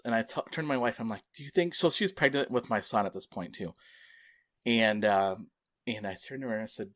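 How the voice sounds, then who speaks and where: A man's voice: on the low side, expressive, brisk, bright, forceful tone. A man co-hosting a podcast who tells a story with animation and acts out the people he quotes. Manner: laughs between phrases while telling a story. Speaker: podcast co-host.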